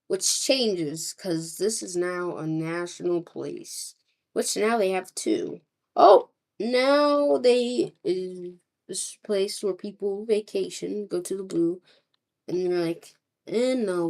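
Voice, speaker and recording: A woman improvising a rambling story narration, acting out groups of people in quick quoted asides. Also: fairly low pitch, creaky, darkish tone. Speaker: map series narrator.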